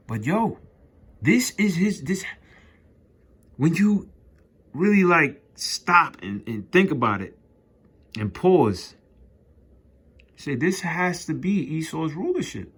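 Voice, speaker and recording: Emphatic man preaching in rough slang. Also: mid-range voice, lively intonation, slow pace, pauses often. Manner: reads scripture aloud then riffs on it. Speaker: street preacher. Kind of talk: informal scripture teaching.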